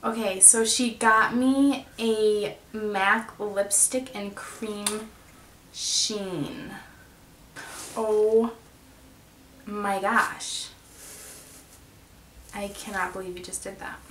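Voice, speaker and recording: A woman's voice: medium pitch, steady tone, very slow, pauses often, fairly bright tone. A woman beauty vlogger unboxing a gift, gushing with breathless exclamations. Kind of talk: excited unboxing vlog. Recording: roomy, distant mic with background noise.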